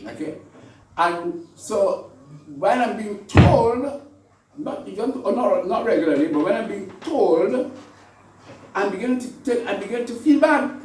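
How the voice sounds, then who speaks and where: A man's voice: sits high, animated, measured pace, darkish tone, slight background noise. A man, preaching a conversational sermon full of repetitions and rhetorical questions. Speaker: priest. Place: church. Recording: echoey church from far off.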